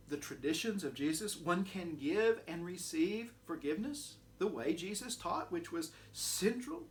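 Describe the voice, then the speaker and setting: A man preaching a sermon, building through rhetorical questions and then dropping to a quiet close. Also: on the high side. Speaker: pastor.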